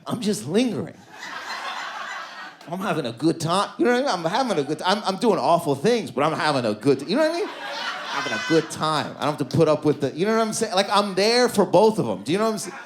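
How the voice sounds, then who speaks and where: On a comedy club stage with audience laughter, a male stand-up tells stories, swinging between loud bursts and low mutters, acting out quoted lines and leaning on "you know what I mean." He is very animated and fast, with a noisy background.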